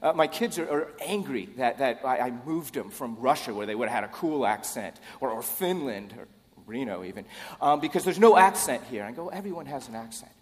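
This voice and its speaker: A man's voice: mid-range voice, expressive, brisk, in a large hall. A middle-aged man preaching a sermon as pastor, conversational and repeating words as he starts phrases. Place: church.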